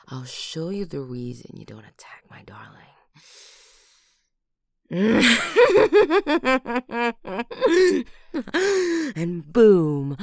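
Woman doing a husky, murderous doting lover. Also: low voice, dry recording, studio quality, exaggerated voice. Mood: menacing. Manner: breathy whispers with sudden loud outbursts. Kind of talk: whispered role-play.

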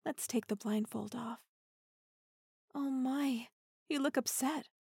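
A woman's voice: high-pitched, slow pace, gravelly, dark tone, slightly rough, dry recording, full character voice. A young woman playing a teasing, dominant female partner in an intimate audio role-play, giggling and slipping into half-whispers close to the mic.

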